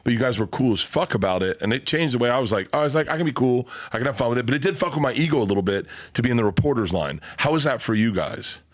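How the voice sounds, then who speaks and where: A man talking fast with a lively, swinging pitch. He tells rowdy, profane stories in a loose podcast chat. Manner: animated, profane storyteller. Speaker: podcast guest. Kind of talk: casual chat.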